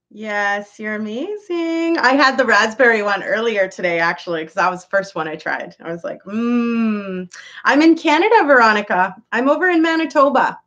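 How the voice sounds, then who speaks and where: A woman's voice: fairly high pitch, animated, moderate pace, a bit bright, muffled recording. A woman hosting a casual live stream, chatting with viewers, reading their comments aloud and laughing often. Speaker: livestream host chatting with viewers.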